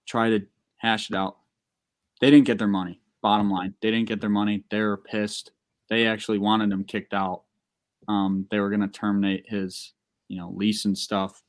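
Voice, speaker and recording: A young man telling a long, profane, excitable story in a casual podcast chat. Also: on the low side. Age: young adult.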